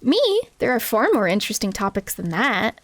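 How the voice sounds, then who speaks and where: A woman's voice: a little high, sing-song, normal speed, a bit bright, no room sound, pitched below the performer's own voice. A woman reading the lines of a polite, bookish young female scholar critter from a cozy game.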